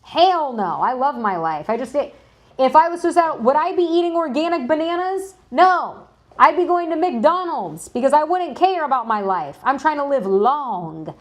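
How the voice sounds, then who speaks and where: A woman's voice: high-pitched, expressive, moderate pace. A woman hosting a live news stream, chatting casually and greeting viewers in chat as she talks through documents. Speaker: livestream news host.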